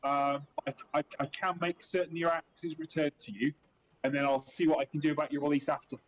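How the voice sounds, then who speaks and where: Polite, stammering Australian player. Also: male voice, fairly high pitch, flat delivery, a little fast, low-quality recording. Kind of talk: tabletop role-play. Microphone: online voice call.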